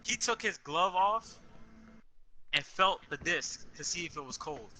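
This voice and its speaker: A young man telling a story in a casual, animated way, full of slang and swearing, on a podcast with friends. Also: fairly high pitch, unhurried, crowd noise, rough recording. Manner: animated, profane, street slang. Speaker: podcast co-host.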